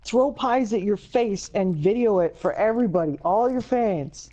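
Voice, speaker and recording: A woman co-hosts a casual podcast chat, teasing and incredulous as she rattles off lists. Her tone is dark and mellow. Her audio comes through dull and lo-fi. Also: medium pitch, normal speed.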